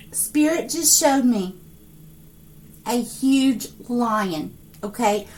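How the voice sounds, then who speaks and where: High-voiced excitable woman psychic. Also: recorded from a distance. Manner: excitable, breathless outbursts, many fillers; speaks to an unseen spirit. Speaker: psychic tarot reader. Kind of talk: monthly tarot reading to viewers.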